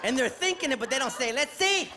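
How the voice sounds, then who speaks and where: A man's voice: very high-pitched, rapid-fire, crowd noise, background noise. A middle-aged man from New York City doing stand-up comedy on a theater stage, telling exasperated stories and acting them out. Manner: animated, exasperated storytelling with act-outs.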